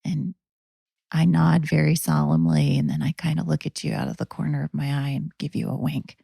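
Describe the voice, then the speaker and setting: A woman hosting a spiritual talk, telling a guided story slowly and often dropping into a whisper. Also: deep voice, little pitch movement, creaky, mellow, husky, no echo, studio quality. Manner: slow, drifting into whispers. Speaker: host.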